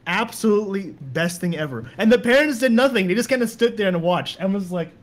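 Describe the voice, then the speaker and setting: A man's voice: high-pitched, lively intonation, a little fast. A young man telling stories in a casual podcast chat, rambling and repeating words as he goes. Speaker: guest.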